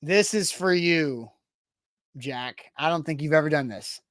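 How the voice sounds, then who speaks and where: A man hosting a live sports podcast chats casually and reads sponsor spots. His voice is a little high and fairly bright, at a measured pace, with studio-quality sound and no room sound.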